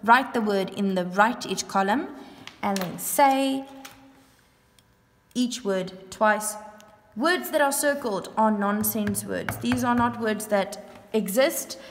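A woman teacher giving a grammar lesson to young pupils, patient and sounding words out slowly. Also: mid-range voice, a little hiss or hum. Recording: echoey room with long reverb.

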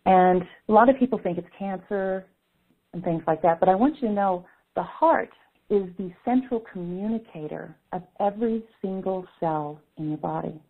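Gravelly woman teaching over a phone line. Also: mid-range voice, moderate pace. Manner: earnest, repeats key words for emphasis. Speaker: speaker at an online caregiver summit. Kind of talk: teaching presentation. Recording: phone-line telesummit audio.

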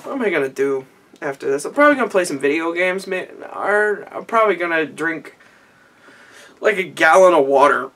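Tipsy young dude rambling, kinda high voice, restarting sentences, sounds a bit far from the mic. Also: male voice, expressive, a little fast, a bit bright. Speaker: vlogger recapping an anime. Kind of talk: rambling casual recap. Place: small warm room indoors.

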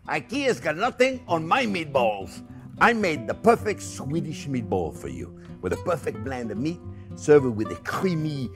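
A man with a French accent hosting a casual cooking demonstration, chatty and playful, chuckling often with lots of fillers. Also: fairly high pitch. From France. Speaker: cooking show host.

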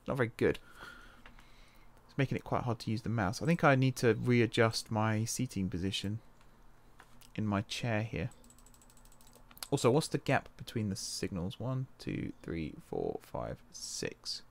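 Low-voiced man musing over a game. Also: normal speed, pauses often. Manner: thinking aloud, indecisive, self-correcting. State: wrist pain. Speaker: game let's-play host. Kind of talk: casual gameplay commentary.

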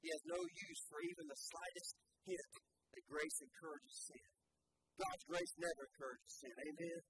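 A man's voice: high-pitched, wildly swooping pitch, moderate pace, a bit bright, low-quality recording. A pastor preaching a sermon in a church, emphatic and repetitive as he drives points home. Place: church sanctuary. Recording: sermon recording with background noise.

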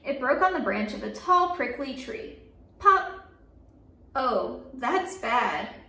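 A woman reads a children's picture book aloud, bright and high in pitch, and she adds playful sound effects as she goes. Her voice sits a little away from the microphone, in a roomy space with a noticeable echo. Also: measured pace, recorded from a distance. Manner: lively, playful sound effects and call-and-response. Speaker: story time reader. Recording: echoey room, voice a bit off-mic.

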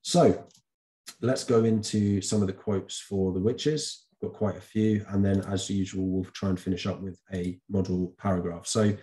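A man with a low, mellow voice walks students through a revision lesson. He talks casually to the camera and often stops to correct himself or fill a pause with an um. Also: steady tone. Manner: chatty, with frequent ums and self-corrections. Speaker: teacher. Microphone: camera recording.

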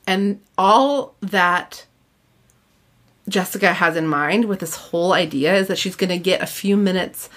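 A woman's voice: fairly low pitch, measured pace, a bit bright. A young adult woman hosting a podcast, chatting casually as she recaps a story, with frequent "like"s and laughter. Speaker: podcast host. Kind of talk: casual chat.

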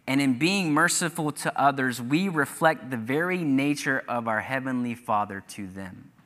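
A man's voice: mid-range voice, moderate pace, fairly bright tone. A man preaching a sermon as pastor, earnestly reading scripture aloud with emphatic rises. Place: church sanctuary. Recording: church hall reverb.

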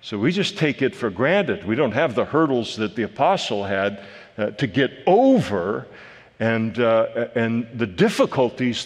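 A man of middling pitch preaches a verse-by-verse sermon in a loose, conversational manner, often pausing on "uh" and restarting phrases. His voice carries through a church sanctuary with a long, lingering reverb. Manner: conversational, frequent "uh" fillers and restarts. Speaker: pastor.

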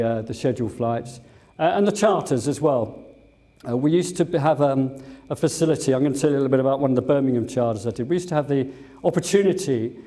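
A man's voice: medium pitch, warm tone. An older English man, a former airline captain, giving a museum talk full of fond anecdotes and fillers. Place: museum lecture room.

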